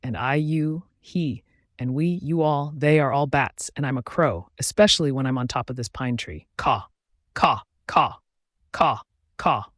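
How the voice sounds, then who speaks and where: A man voicing a crazed young male cabin boy in an audiobook, with high, singsong muttering. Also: moderate pace, no echo, clean studio sound, close to an everyday voice.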